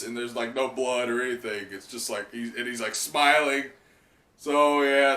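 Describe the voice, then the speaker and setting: A man giving casual live reaction commentary, chatty and excitable, leaning on "like" as he talks. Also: medium pitch. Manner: excitable, chatty, heavy use of "like". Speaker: manga reaction channel host. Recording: roomy sound from a distant mic.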